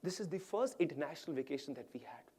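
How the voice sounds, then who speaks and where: A man's voice: on the high side, expressive, quick pace, husky. A man voicing a tearful grieving widow. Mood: wistful. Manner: hushed, tearful, at times whispered. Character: grieving widow in her fifties, tearful, soft-spoken.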